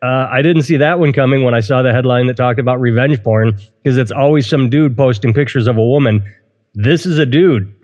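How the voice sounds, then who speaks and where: Talking a little fast in a mid-range, darkish voice, a man hosts a comedic news podcast, wryly reading quotes from strange stories. The recording sounds like a big room, slightly dull and lo-fi.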